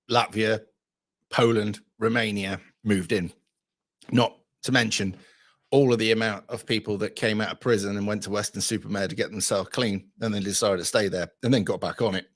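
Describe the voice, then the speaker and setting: A middle-aged man, ranting bluntly and profanely to camera as a channel host and retelling a pub story. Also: lowish voice. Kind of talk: casual ranting vlog.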